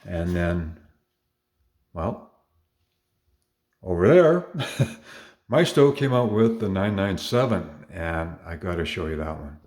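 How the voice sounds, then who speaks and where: A Canadian collector casually shows off his model cars, enthusiastic and rambling, with lots of fillers and small self-corrections. His low, slightly mellow voice moves slowly, with long pauses.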